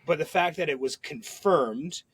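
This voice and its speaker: A man hosting a podcast, telling a rambling story in casual chat with quick asides and frequent swearing. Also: fairly high pitch, a bit bright, husky, low-quality recording. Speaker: podcast host.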